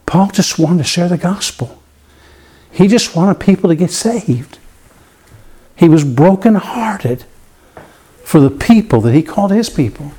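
A man preaching in a church, telling a personal story with lots of repeated words and big swings in pitch for emphasis. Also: animated, a little slow, pauses often, dark tone, husky. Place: church room with a piano.

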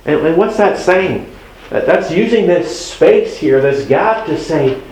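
A man with a slightly high voice gives a marriage talk to a live audience in a roomy, echoing hall. He speaks conversationally and with humor, slipping into short acted-out lines from husbands and wives. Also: normal speed, a little mellow. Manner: conversational, humorous, acts out quoted spouses. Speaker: pastor or marriage seminar speaker. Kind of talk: sermon-style marriage talk.

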